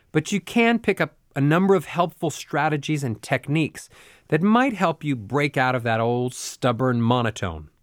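A man's voice: mid-range voice, dry recording, studio quality. A man teaching voice exercises in an instructional recording, explaining and then demonstrating sung and mimicked examples. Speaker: voice coach. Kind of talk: instructional narration.

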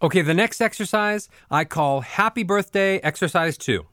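A man's voice: high-pitched, expressive, moderate pace, sharp tone, no echo, clean studio sound. A man teaching voice exercises in an instructional recording, explaining and then demonstrating sung and mimicked examples. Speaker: voice coach. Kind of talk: instructional narration.

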